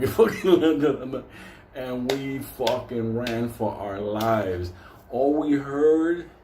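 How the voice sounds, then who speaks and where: A man tells a wild story in loose, swear-filled talk, breaking into laughter along the way. His voice is dark and mellow. The sound bounces around a roomy space. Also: a little high. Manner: profane, laughing, animated. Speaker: host. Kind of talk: casual storytelling. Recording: roomy echo.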